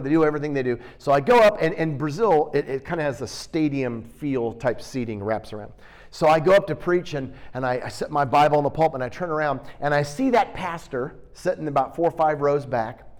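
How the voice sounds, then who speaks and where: A middle-aged man preaching a sermon, teaching with animated, emphatic bursts and storytelling. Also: fairly high pitch, brisk.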